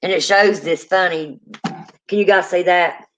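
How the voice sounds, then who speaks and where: A woman hosting a paranormal livestream, chatting casually and teasing, quick to laugh. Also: on the low side. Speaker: paranormal show host.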